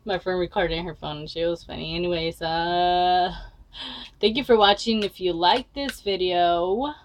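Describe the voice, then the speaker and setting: A woman's voice: fairly low pitch, rough recording. Blunt, swearing young woman vlogger. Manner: blunt, swears often, lots of fillers. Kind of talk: casual storytime vlog.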